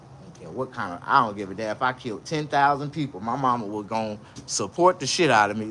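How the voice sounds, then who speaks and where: A man telling stories in a casual livestream, loud, profane and boisterous. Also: medium pitch, expressive, fast. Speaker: vlogger.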